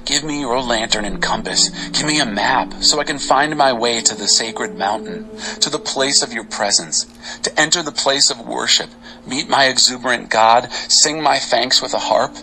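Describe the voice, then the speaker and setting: A man giving an expressive, dramatic reading of Bible psalms over faint music. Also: medium pitch, normal speed, poor audio. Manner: expressive, varied delivery. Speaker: scripture reader.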